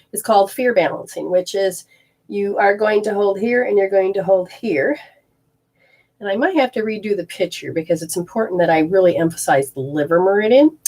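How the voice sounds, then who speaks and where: A woman's voice: medium pitch, darkish tone. A woman leading a live energy healing session, rambling and often breaking off mid-sentence as she walks through hands-on techniques. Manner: rambling, self-interrupting, explains hands-on techniques. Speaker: energy healer.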